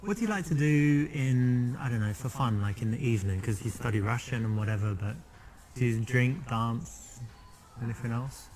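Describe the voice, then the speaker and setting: A man's voice: mid-range voice, moderate pace, darkish tone. Man asking curious casual questions. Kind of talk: casual chat.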